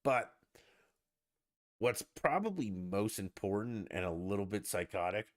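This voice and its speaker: Guy ranting on his podcast, kinda low voice, swears a lot, mocks people in silly voices. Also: animated, unhurried, no echo, studio quality. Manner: profane, sarcastic, mocking voices. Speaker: podcast host. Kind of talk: casual ranting commentary.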